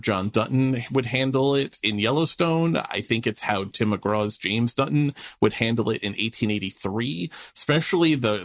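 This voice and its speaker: A man's voice: fairly low pitch, fairly bright tone. A man co-hosting a podcast about a TV series, analyzing scenes earnestly with occasional fillers. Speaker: podcast co-host. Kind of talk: casual podcast discussion.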